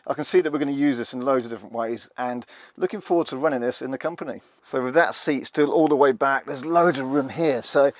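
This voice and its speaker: A man's voice: medium pitch, quick pace, no echo. A man chatting casually in a wry, self-mocking way while showing off the inside of a passenger van. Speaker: van reviewer. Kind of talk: casual hands-on vlog demo.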